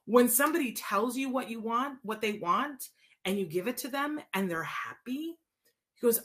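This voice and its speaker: A woman hosts a show, sharing personal stories and taking listener questions in a relaxed, expressive manner full of fillers and restarts. Her voice sits a little high, and she talks at a moderate pace.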